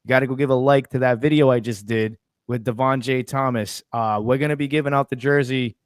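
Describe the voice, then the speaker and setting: A man's voice: medium pitch, fairly even intonation, a little fast, smooth, no room sound, clean studio sound. Joking Boston-accented man. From Massachusetts. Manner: teasing, plugs sponsors. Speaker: podcast co-host. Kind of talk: casual sports chat.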